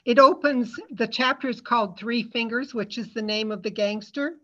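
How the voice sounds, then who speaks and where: A woman's voice: on the high side, normal speed, sharp tone. A woman author from Iowa introducing her book in a plainspoken, matter-of-fact way over a video call. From Iowa, United States. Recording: dull lo-fi video call audio.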